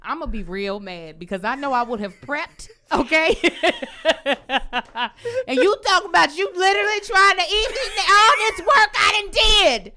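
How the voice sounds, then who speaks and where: Woman, comedy co-host, casual chat, playful and loud, swooping voice. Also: extremely high pitch, lively intonation, moderate pace. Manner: loud, laughing, playful rants.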